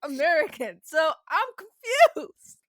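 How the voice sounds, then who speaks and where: Blunt high-voiced woman from New York. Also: animated, a little slow, fairly bright tone, no room sound. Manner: blunt, opinionated, sarcastic. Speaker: podcast co-host. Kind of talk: casual chat.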